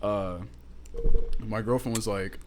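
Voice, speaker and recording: A man's voice: lowish voice, fairly even intonation, takes it slowly, slight background noise. A young man, co-hosting a podcast and telling a rambling story, full of "like" and "dude" and plenty of swearing. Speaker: podcast co-host. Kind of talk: casual storytelling chat.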